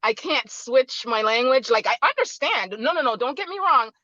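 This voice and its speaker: A woman's voice: on the high side, expressive, moderate pace, sharp tone, no echo, dull audio. A middle-aged woman from Jamaica with a Canadian accent, chatting casually on a video call and rambling with lots of fillers. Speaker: guest speaker.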